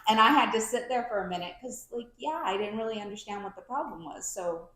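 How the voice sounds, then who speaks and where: A woman's voice: medium pitch, fast. Chatty woman podcaster in an echoey room. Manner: chatty storyteller, animated quoting. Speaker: podcast co-host. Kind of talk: casual chat.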